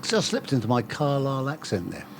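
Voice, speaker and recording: A man's voice: medium pitch, sing-song, fast, slight background noise. An older man, telling anecdotes as a guest in a casual chat and laughing at his own stories. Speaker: guest storyteller.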